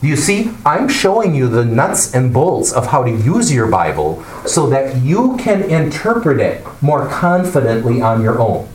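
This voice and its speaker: A man teaching a Bible class, explaining and asking the class questions in an animated way. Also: mid-range voice, measured pace, hardly any pauses. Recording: echoey room, mic far off, faint noise.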